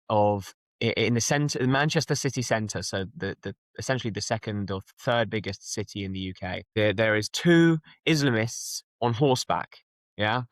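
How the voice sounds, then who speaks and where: A young London man talks as a guest in an interview. His voice is on the low side and dry, and he speaks earnestly, restarting phrases as he presses his points. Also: no room sound. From London, England. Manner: earnest, emphatic, restarts a lot. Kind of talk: conversational interview.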